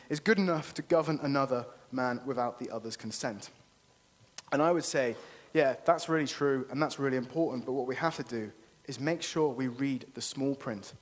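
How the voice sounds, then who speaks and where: A man giving an earnest, persuasive conference talk and often checking in with "okay?". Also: mid-range voice. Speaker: conference speaker. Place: conference venue.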